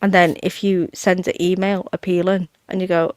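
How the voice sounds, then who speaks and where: A woman's voice: lowish voice, little pitch movement, moderate pace, darkish tone, no room sound. A woman, chatting bluntly and casually on a talk panel and laughing often. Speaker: panel guest. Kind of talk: casual chat.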